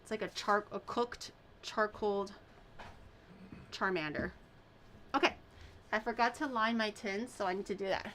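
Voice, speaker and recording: Bright-voiced woman chatting while baking. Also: mid-range voice, unhurried, long pauses. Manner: rambling storyteller, swears casually, many fillers. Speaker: baking video host. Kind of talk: casual chat while baking.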